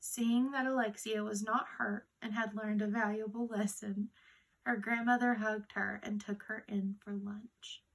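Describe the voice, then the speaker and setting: Soft-spoken woman reading a children's story. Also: medium pitch, little pitch movement, a little slow.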